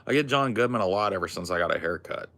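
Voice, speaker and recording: A man's voice: low-pitched, expressive, fast talker, fairly bright tone. An American man chatting casually on a comedy podcast, riffing and swearing as he jokes around. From United States. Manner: riffing, profane, jokey. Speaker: podcast host.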